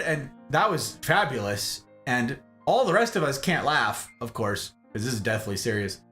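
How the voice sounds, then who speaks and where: Male streamer, casual yarn-spinner, lively swooping pitch, rambling asides. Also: normal speed, few pauses, faint music behind. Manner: animated, rambling, keeps asking "okay?". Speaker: streamer host. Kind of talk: casual storytelling.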